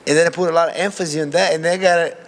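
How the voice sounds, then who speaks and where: Brazilian-accented fighter in an echoey hall. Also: male voice, a little high, rapid-fire. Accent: Brazilian Portuguese. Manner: candid, animated, non-native grammar. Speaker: MMA fighter. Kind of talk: casual interview answer. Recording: long hall reverb.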